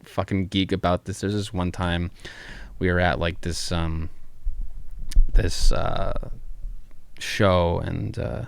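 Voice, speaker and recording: A man's voice: low-pitched, little pitch movement, takes it slowly, gravelly, pauses often, smooth. A man hosting a podcast in casual chat, rambling, laughing often and swearing freely. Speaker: podcast host.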